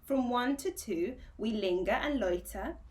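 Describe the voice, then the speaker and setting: Kobieta czytająca jako leniwi, senni mieszkańcy. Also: female voice, on the high side, lively intonation, a little slow, darkish tone. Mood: lazy. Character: lazy idle townsfolk, drowsy and languid.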